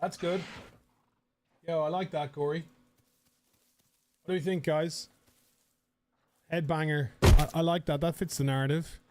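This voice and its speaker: A man's voice: a little high, steady tone, measured pace, long pauses, a little mellow, slight background noise. A man streaming a game live, chatting casually with viewers, rambling and swearing.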